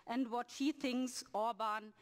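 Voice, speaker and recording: Lady running a political hearing, kinda high pitched, earnest and emphatic. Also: steady tone, slow. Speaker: hearing chair introducing a speaker. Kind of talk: formal political address.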